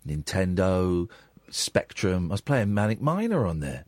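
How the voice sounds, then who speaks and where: A man's voice: deep voice, big pitch swings, unhurried, darkish tone, no room sound. A male radio host, blunt and argumentative with a caller. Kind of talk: phone-in radio talk. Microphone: studio microphone.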